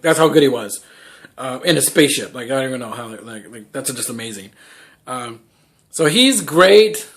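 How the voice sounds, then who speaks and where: A man's voice: on the high side, a bit bright. Rambling man filled with likes and ums. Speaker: movie reviewer. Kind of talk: casual vlog review.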